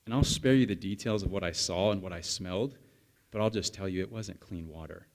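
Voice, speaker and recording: A man's voice: sits low, a little fast. A man in his thirties, a pastor, giving a conversational sermon and telling a story while chatting with the congregation.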